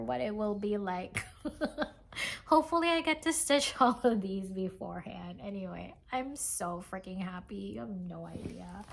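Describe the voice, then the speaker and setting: A woman vlogger chatting casually as she shows off craft kits, gushing and excitable, with lots of fillers and sighs. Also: medium pitch, creaky. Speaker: cross-stitch vlogger. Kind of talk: casual show-and-tell chat.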